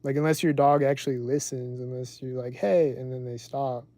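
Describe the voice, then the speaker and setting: He talks a little fast in a mellow, mid-range voice with flat delivery, captured in a dry recording. As host of his own livestream podcast, he chats casually and rambles, saying "like" constantly.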